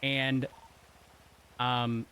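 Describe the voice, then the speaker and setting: Bright-voiced hesitant roleplay officer, man. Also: mid-range voice, level tone, drawn-out words, a little hiss or hum. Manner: hesitant, full of fillers and restarts. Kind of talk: in-character roleplay chat.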